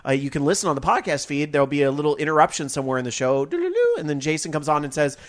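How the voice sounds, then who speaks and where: A man's voice: a little high, steady tone, very fast. Chatty upbeat male podcast host. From Northern California. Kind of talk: casual live radio chat.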